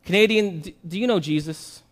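A man's voice: sits high, brisk, close to an everyday voice. A man voicing an earnest believer on a life raft who bluntly challenges his friend.

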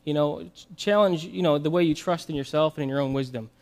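A man's voice: on the high side, quick pace, darkish tone, lightly acted. A man voicing an earnest believer on a life raft who bluntly challenges his friend.

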